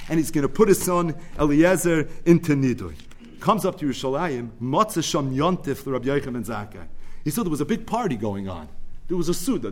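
Man, Talmud class teacher, lively storytelling, emphatic peaks and low asides, slightly high voice. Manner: animated storytelling, mixing Hebrew and Yiddish terms into English; rises to emphatic bursts, drops low for asides.

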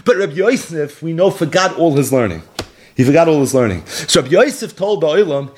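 A man giving a storytelling sermon, a dramatic teller who drops low and slow for emphasis and mixes Hebrew and Yiddish terms into his English. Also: expressive, darkish tone.

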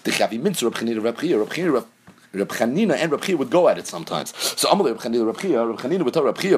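Husky man teaching Talmud in English. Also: medium pitch, very animated, racing. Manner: mixes Yeshivish Hebrew and Aramaic terms into English explanation. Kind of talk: Talmud lesson, translating Aramaic into English.

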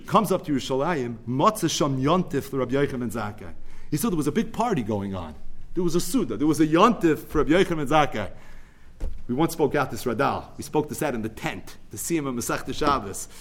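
A man teaching a Torah class, retelling a midrash with animated storytelling that swings between loud, emphatic bursts and quiet asides, and he sprinkles Hebrew and Yiddish terms into his English. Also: medium pitch, fast.

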